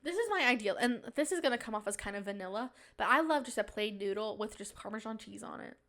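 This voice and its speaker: A young woman hosting her podcast, rambling in a casual, animated way with many restarts. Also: a little high, fast. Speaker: podcast host. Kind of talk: casual chat.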